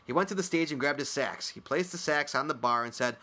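Joking, bright-voiced male podcast host. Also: medium pitch, fairly quick. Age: adult with a son. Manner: laughs often, swears casually. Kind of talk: casual chat, reading listener emails.

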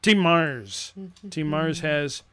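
A man's voice: fairly high pitch, expressive, extremely slow, fairly bright tone. A man co-hosting a casual podcast, reading out listener scores in a sing-song way. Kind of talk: casual chat.

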